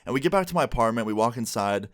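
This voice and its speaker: A man's voice: mid-range voice, dry recording, studio quality. A man in his twenties animatedly telling a casual storytime to his viewers. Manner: fast, animated retelling. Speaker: vlogger.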